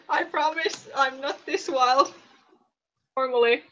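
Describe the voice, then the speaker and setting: A woman hosting a livestream in casual chat, playful, giggly and excitable. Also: fairly high pitch, moderate pace. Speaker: streamer host. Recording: dull lo-fi stream audio.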